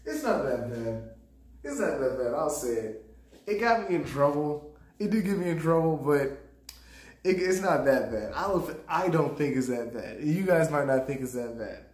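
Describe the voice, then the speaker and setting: A man's voice: a little high, animated, moderate pace, darkish tone. A man streaming live, casually rambling about a comedy set, laughing often and talking to his chat. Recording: roomy echo.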